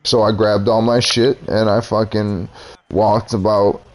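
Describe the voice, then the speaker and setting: Low-pitched with little pitch movement and a slightly slow pace, this young man is a streamer ranting casually. He retells an argument with his boss in a heated, profane way, voicing both himself and the boss.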